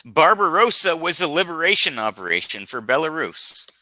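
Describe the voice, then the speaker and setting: Male host, mocking debater, very bright sharp voice, dry close sound. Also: fairly high pitch, sing-song, moderate pace, dry recording. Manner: mocking, profane, talks over others. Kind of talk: heated online argument.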